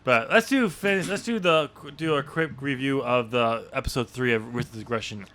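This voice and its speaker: A man's voice: medium pitch, normal speed, fairly bright tone. A man co-hosting a casual wrestling podcast, dry and laughing often as he steers the talk. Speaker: podcast co-host.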